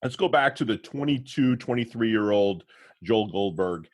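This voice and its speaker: A man in his fifties hosting an interview podcast, enthusiastic and quick to affirm his guest. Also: lowish voice, lively intonation. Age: 50s. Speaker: podcast host. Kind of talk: casual interview chat.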